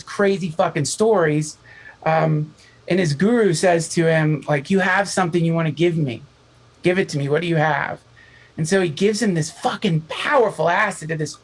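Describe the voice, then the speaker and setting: A man chatting as a podcast guest, his voice gravelly with fry. He tells his story in a loose, animated and profane way, putting on little voices for the people he quotes. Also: high-pitched, poor audio. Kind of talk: casual storytelling chat.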